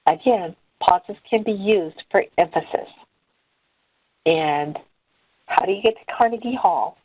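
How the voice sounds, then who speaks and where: A woman with a fairly low voice teaches in a calm, measured way, leaving pauses between points. The sound is narrow and phone-like. It is dry, with no room echo. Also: slightly rough. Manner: measured, deliberate delivery with pauses. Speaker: trainer. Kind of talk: instructional talk on speaking skills. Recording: tinny phone-like audio.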